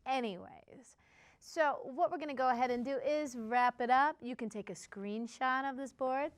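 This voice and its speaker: A woman's voice: sits high, moderate pace. A woman hosting a playful singing lesson, encouraging listeners and demonstrating with hums and cat sounds. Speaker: music teacher and show host. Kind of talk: kids-style singing lesson.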